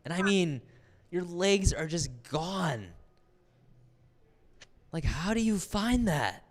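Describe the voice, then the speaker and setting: A man's voice: high-pitched, lively intonation, slow. A man hosting a race livestream outdoors at a finish line, exhausted and crying while laughing. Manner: laughing and tearful, overwhelmed. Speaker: livestream host. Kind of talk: emotional live race commentary.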